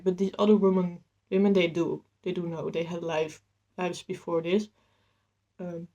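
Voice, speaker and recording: A woman chatting casually about books she has read, enthusiastic and a bit rambling, slightly out of breath. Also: lo-fi sound. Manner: enthusiastic and rambling, with lively jumps in pitch. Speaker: book vlogger. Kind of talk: casual chat.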